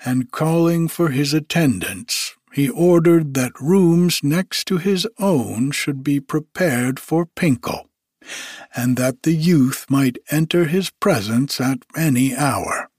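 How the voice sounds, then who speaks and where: A man narrating a fairy tale in a slow, measured storybook reading. His voice is husky and the pace very slow. The recording is dry and close. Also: a little high, darkish tone, no room sound.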